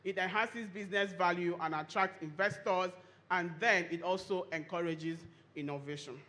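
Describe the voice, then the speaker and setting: A Nigerian woman, a lawyer and firm co-founder, giving a lively, chatty conference talk and teasing the audience. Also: on the low side, moderate pace. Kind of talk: conference presentation with audience interaction.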